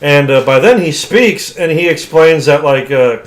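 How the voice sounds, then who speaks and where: A man's voice: fairly high pitch, expressive, unhurried. Chatty man retelling a film plot. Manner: rambling retelling, heavy use of "like". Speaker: podcast co-host. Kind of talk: casual movie discussion.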